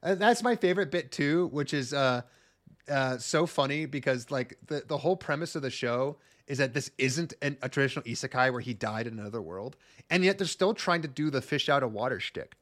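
A man's voice: medium pitch, expressive, a little fast, a bit bright. A man casually ranting about an anime plot, sarcastic and profane, with mock retellings of scenes. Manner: rambling, profane, sarcastic retelling with mocking impressions. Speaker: podcast co-host reviewing anime. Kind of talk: casual comedic chat.

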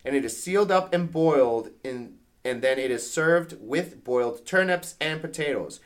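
A man's voice: a little high, normal speed. A man co-hosting a podcast, reading a review aloud in casual chat and apologizing for his pronunciations. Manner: animated, apologetic about pronunciations. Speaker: podcast co-host.

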